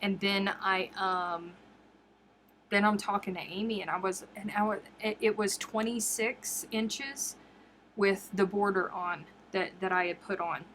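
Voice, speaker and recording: A woman chatting casually on her crochet livestream, telling stories in a lively, chatty way. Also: a little slow, slight background noise. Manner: chatty storyteller, jumps high acting out quotes.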